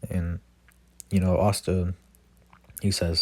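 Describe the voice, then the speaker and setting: Low, husky young man telling a fan story. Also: steady tone, slow, a little mellow. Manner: rambling, lots of fillers and self-corrections. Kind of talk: casual improvised storytelling.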